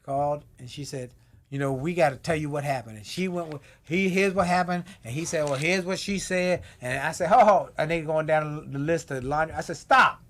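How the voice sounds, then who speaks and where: A middle-aged man telling a marriage story in a loud, playful way, laughing often. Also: on the high side, a little fast. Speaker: guest author and speaker. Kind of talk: animated storytelling.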